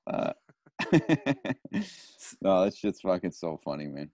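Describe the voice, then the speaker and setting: A man's voice: deep voice, slow pace, a little mellow, no echo. A man, a guest on a podcast, telling stories with lots of laughter and swearing. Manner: laughing storyteller, swears freely. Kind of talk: casual chat.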